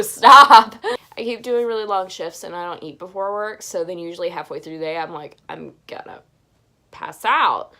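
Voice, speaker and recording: A young woman answering viewer questions in a casual chat, rambling and gushing, with frequent restarts. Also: medium pitch. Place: home bedroom.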